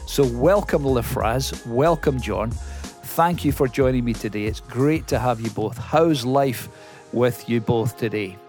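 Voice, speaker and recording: A man's voice: medium pitch, a little slow, a little mellow, soft background music. A man hosting a podcast, chatting with guests in a friendly, lightly humorous way. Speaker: podcast host. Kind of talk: casual interview chat.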